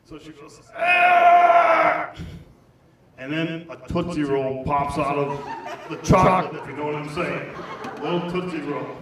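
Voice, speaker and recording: A man's voice: fairly high pitch, fairly even intonation, normal speed, a crowd in the background. A man performing a crude, rambling stand-up comedy set in a small club. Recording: echoey club heard from far off.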